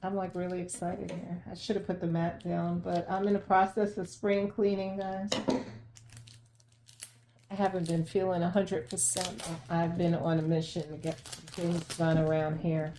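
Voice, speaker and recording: A woman unboxing plants in a casual vlog at home, gushing with excitement and laughing often. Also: on the low side, normal speed, roomy sound, background noise. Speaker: plant vlogger. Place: home, unpacking at the sink.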